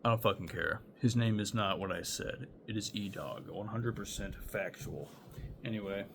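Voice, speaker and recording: A man's voice: fairly low pitch, moderate pace, vocal fry, noisy background. A young man telling a chaotic personal story in a loose, rambling way, swearing often and laughing between thoughts. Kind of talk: casual storytime.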